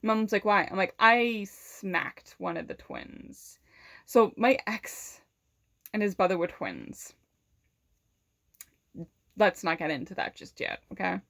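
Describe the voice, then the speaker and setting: A young woman vlogger telling a personal story casually, animated, swearing often and filling her talk with "like", laughing between lines. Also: mid-range voice, slow, creaky, long pauses, no echo, clean studio sound. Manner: many fillers of "like".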